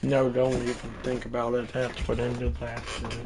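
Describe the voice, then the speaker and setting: A man livestreaming a baseball video game, commentating his own play and bursting into shouted home-run calls. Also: medium pitch, completely flat delivery, normal speed, a little hiss or hum. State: out of breath. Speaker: gaming livestreamer. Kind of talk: live gameplay commentary.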